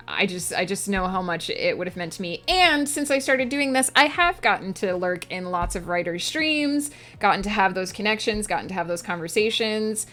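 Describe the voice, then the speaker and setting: Her voice is medium-pitched and fairly bright. She is a writer who livestreams from a home setup, talking to her chat directly in a casual, earnest, reflective manner.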